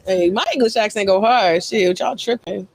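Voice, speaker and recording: A man's voice: high-pitched, moderate pace, gravelly, heavy background noise. A man hosting a radio show, brash and joking, laughing often in raunchy casual banter. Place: radio studio.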